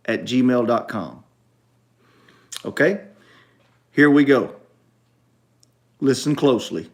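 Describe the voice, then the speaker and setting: A man's voice: medium pitch, lively intonation, slow, pauses often. A middle-aged man, hosting a casual talk livestream from home and repeating his points emphatically. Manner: emphatic, repeats instructions to viewers. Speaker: talk show host.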